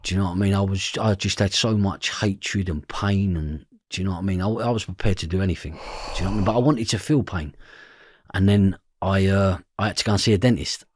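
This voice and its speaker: A man's voice: sits low, fairly quick, no echo. A man with a London Cockney accent, telling a story as an interview guest, acting out the voices in his quotes and swearing freely. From East London, England.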